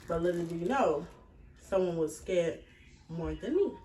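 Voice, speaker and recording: In a lowish voice at a moderate pace, a twenty-something woman bluntly and animatedly tells a personal story, swearing freely and keeping it casual. The mic is far away in an echoey room, with a faint hiss underneath.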